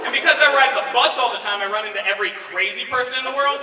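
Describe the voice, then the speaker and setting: A man's voice: very high-pitched, racing, heavy background noise. A young man doing a stand-up comedy set with awkward, self-deprecating chatter full of filler words. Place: convention stage before a large laughing audience. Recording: distant echoey hall recording with loud crowd.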